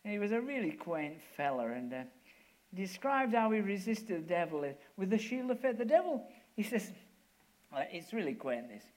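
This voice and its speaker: Older preacher with a lively voice. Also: male voice, sits high, moderate pace. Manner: storytelling, rising to forceful exhortation. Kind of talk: sermon.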